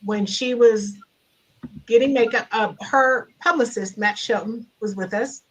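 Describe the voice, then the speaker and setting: A middle-aged woman guest speaker telling a personal story over a video call, animated and laughing as she gets louder. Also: fairly high pitch, a little slow, rough recording. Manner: animated, grows loud and laughing in retelling. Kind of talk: storytelling in a conversation.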